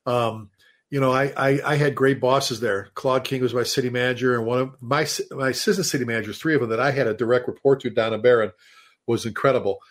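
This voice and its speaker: A man, a fire chief guest on a show, telling stories in an animated, casual way with many restarts and repeated words. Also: medium pitch, fast. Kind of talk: casual storytelling.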